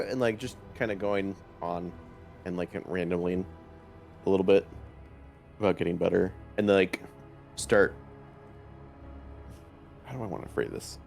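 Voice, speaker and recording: A man's voice: sits low, unhurried, creaky, long pauses, soft background music. A man playing a tabletop game, rambling and saying "like" a lot. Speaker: player. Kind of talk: casual tabletop play.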